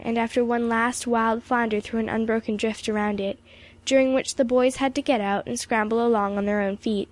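A woman narrating an audiobook in a steady, expressive reading. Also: fairly high pitch.

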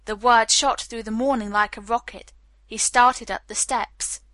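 A woman narrating an audiobook in a steady, clear storytelling manner. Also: on the high side, a little slow, dry recording. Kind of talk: scripted narration.

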